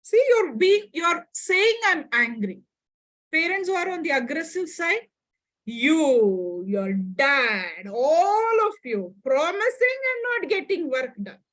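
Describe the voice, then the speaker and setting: Speaking slowly in a high voice, a woman psychologist runs an interactive online workshop on a low-quality recording. She's expressive, acting out little example dialogues and frequently checking in with her audience.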